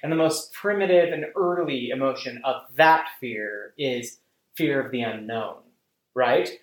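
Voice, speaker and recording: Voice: mid-range voice, measured pace, reverberant, low-quality recording. A podcast host talking casually and animatedly, full of fillers and frequent swearing. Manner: rambling, animated, profane, many fillers. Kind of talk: casual chat.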